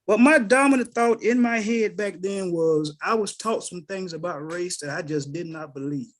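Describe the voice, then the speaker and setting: A man's voice: high voice, moderate pace. A middle-aged man, telling personal stories on a group call and acting out the voices of the people in them. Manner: animated storyteller who acts out quoted voices. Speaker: call participant. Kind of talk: casual spoken testimony.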